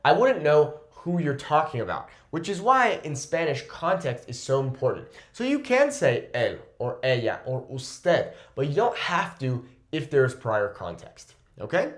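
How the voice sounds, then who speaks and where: A man teaches a Spanish grammar lesson with bright, emphatic energy. His voice sits a little high and leaps around on the words he wants to stress. He checks in with the viewer constantly. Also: sing-song, measured pace, hardly any pauses. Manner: upbeat, emphatic, checks in with "okay?" often. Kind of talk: whiteboard lesson.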